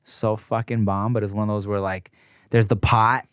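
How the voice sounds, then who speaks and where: A man's voice: on the low side, flat delivery, normal speed, clean tone, dry recording, studio quality. A man co-hosting a podcast, talking in loose, profane, slangy banter. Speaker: podcast co-host. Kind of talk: casual chat.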